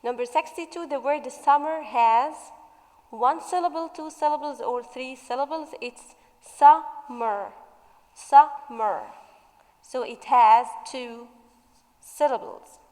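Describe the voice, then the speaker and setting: A woman English teacher going through a revision worksheet, stretching out example words slowly as she explains. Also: high-pitched, darkish tone, long reverb tail, poor audio.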